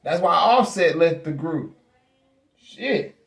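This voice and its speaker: A male show host ranting in a casual, profane style, blunt and rambling with heavy slang, and saying he is high. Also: expressive, slow, vocal fry.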